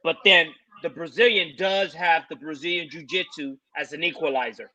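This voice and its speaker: A man's voice: fairly high pitch, moderate pace, bright, forceful tone, low-quality recording. A man co-hosting a podcast who goes through fighters' stats step by step and makes his picks. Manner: methodical, walks through stats. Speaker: podcast co-host giving picks. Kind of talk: casual fight-analysis chat.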